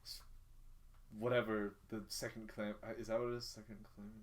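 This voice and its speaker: A man's voice: fairly low pitch, level tone, fast. A man talking as a player in a tabletop role-playing game, hesitant and full of fillers. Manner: hesitant, lots of fillers and restarts. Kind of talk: casual tabletop role-play.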